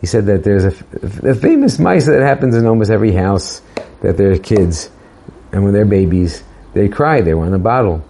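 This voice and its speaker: A man giving a casual, halting Torah talk, with many fillers and restarts, slowing down to quote verses. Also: lowish voice, expressive, gravelly, mellow, slight background noise. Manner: hesitant, many fillers and restarts, quoting Hebrew verses slowly. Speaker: speaker sharing a Torah thought.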